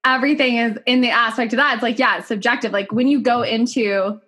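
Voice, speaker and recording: Chatty woman voice coach, animated and a bit high. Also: fast talker. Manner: chatty, animated, swears casually, acts out quotes. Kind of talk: casual podcast conversation.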